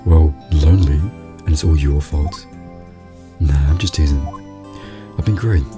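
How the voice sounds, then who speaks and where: A man's voice: extremely low pitch, measured pace, over music. A man voicing a cheerful, teasing teenage girl in a game playthrough, in a playful manner.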